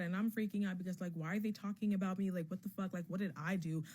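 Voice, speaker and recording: For a vlog, a young woman with a medium-pitched voice talks fast while casually sharing a personal story. She's candid and profane, uses lots of filler words, and delivers it with animated emotion.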